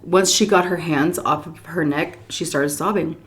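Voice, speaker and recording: A woman with a slightly low voice tells a long story while eating on camera. She is animated and expressive, often switching to high voices for the people she quotes. Between bites she drops into soft whispers. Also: moderate pace. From Texas. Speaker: mukbang storyteller.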